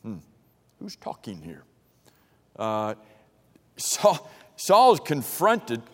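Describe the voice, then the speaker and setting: This Bible study teacher draws out his words in a very animated, fairly bright, medium-pitched voice. He reads scripture and poses questions to the group casually, frequently starting over, in a projector-equipped church meeting room with long, large-room reverb.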